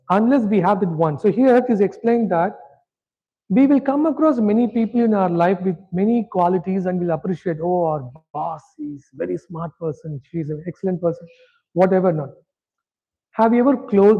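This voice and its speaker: A man's voice: sits high, phone-quality sound. A man teaching a scripture class, talking conversationally and often checking that his audience is following. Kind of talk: interactive lecture.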